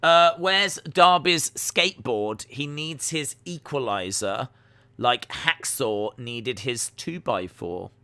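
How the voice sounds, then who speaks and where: A man's voice: medium pitch, lively intonation, slow pace, pushed and bright, clean tone. A man hosting a live stream, reacting to wrestling in casual commentary, joking and answering chat messages. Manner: jokey, reads out and answers chat.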